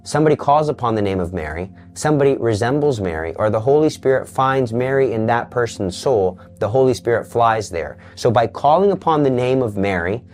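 A man giving an earnest Catholic teaching talk in a sermon style, dropping to a hush for quoted voices. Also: mid-range voice, lively intonation, a little fast, hardly any pauses, faint music behind. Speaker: Catholic preacher.

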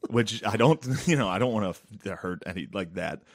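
A young man from Central Pennsylvania in casual podcast banter, crude and laughing, slipping into quick voices for other people. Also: fairly low pitch, animated, no room sound, clean studio sound. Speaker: comedian podcast co-host.

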